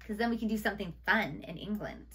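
A woman's voice: medium pitch, fast talker, fairly bright tone. A woman co-hosting a reaction video, chatting casually with lots of filler words. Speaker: reaction channel co-host. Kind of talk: casual chat.

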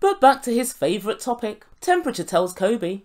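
A woman's voice: fairly high pitch, sing-song, a little fast, few pauses, darkish tone. Sassy woman mocking reality TV. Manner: sassy and mocking, laughs often. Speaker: YouTube reality TV reviewer. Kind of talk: sarcastic recap commentary.

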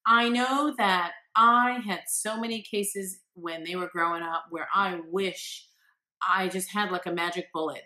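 A woman parenting coach speaks straight to parents in a direct-to-camera talk, giving earnest, encouraging advice and acting out the quotes she shares. Her voice sits on the low side, steady, unhurried, bright and forceful.

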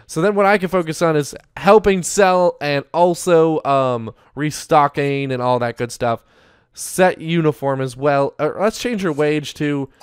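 A man's voice: mid-range voice, smooth, no echo, studio quality. A young man giving casual, upbeat Let's Play commentary as he plays, often talking to his viewers directly. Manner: chatty, upbeat, talks to viewers as "you guys". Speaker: gaming YouTuber.

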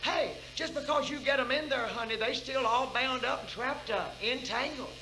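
An older woman preaching at a church revival meeting. She calls out questions to the congregation and swings between loud exhortation and hushed intensity. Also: sits high, moderate pace, faint music behind, rough recording. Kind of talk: fervent preaching.

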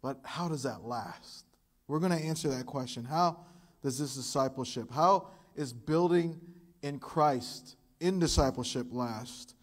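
A man preaching a sermon as pastor, telling stories in an animated way and acting out the quotes. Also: mid-range voice, unhurried. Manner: animated storytelling with acted quotes. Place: church.

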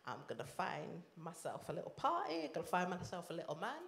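A woman minister from Leeds with a Yorkshire accent, giving an impassioned sermon testimony that swings between loud and hushed. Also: fairly low pitch, wildly swooping pitch, fairly quick, creaky. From Leeds, England. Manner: impassioned, rises and drops sharply in volume. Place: church or conference hall. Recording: echoey hall.

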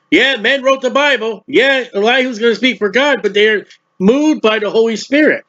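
A man's voice: very high-pitched, normal speed, sharp tone, lo-fi sound. A man preaching a sermon, reading scripture aloud and explaining it in a plain-spoken, emphatic way.

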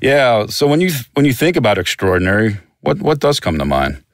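A man's voice: lowish voice, very animated, brisk, no echo, clean studio sound. A man hosting a sports history podcast, asking questions and encouraging his guest. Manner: encouraging, brief affirmations. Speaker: podcast host. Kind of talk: interviewer.

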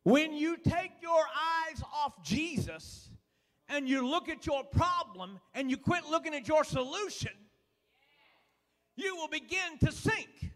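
A man preaching a sermon in a folksy, fervent way, dotting his lines with "uh" and dropping suddenly to a hush. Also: extremely high pitch, very animated, slow pace. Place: church sanctuary. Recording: long reverb of a church hall.

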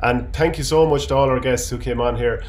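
An Irish man hosting a casual interview, friendly and brisk as he asks questions and wraps up. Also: mid-range voice, fairly even intonation, slight background noise. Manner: friendly, brisk host wrap-up. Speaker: host.

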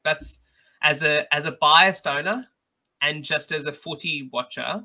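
A man's voice: a little high, measured pace, sharp tone. A man in a casual podcast chat, chatty and earnest when giving advice.

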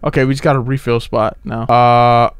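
A young man streaming a horror game, talking in slang, yelping and shouting whenever he gets scared. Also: mid-range voice, moderate pace, clean tone, no echo. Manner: excitable, yelps and shouts when scared, slangy. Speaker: gaming streamer. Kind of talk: horror game let's play commentary. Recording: game music playing behind.

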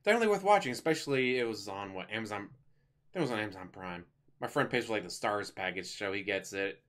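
A man's voice: lowish voice, lively intonation, fast, a bit bright. A man giving a casual spoken movie review, chatty and rambling, with offhand jokes as he retells the plot.

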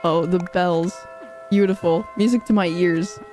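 A woman's voice: on the low side, fairly even intonation, a little slow, darkish tone, faint music behind. A woman livestreaming as she plays a game, chatting casually and bubbly, rambling and reading out viewer comments. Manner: bubbly, rambling, reads chat aloud. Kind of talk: casual livestream chat while playing.

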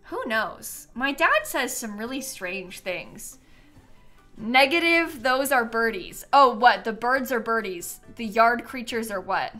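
A young adult woman chatting casually on a live stream, animated and prone to breaking into laughter. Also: a little high, slow, soft background music.

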